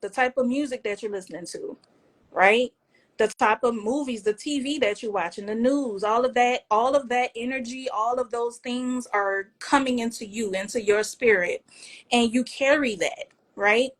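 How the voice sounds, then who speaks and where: Higher-voiced New woman chatting. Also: normal speed. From New Orleans. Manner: relaxed, conversational, acts out family banter. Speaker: podcast co-host. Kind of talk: casual heartfelt chat.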